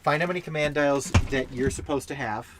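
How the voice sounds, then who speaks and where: Man, live game stream, casual chat, mutters while setting up, mid pitch, light background hiss. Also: brisk. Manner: mumbles to himself while sorting pieces.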